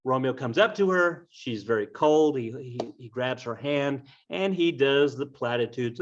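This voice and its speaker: A man's voice: medium pitch, lively intonation, unhurried, few pauses. A man casually retelling a classic tragedy with wry, offhand asides. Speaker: storyteller. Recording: dull lo-fi recording.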